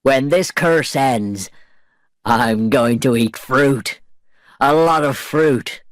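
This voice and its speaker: A man voicing a menacing male pirate captain who speaks slowly and deliberately in a storybook reading. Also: medium pitch, no echo, studio quality, natural voice.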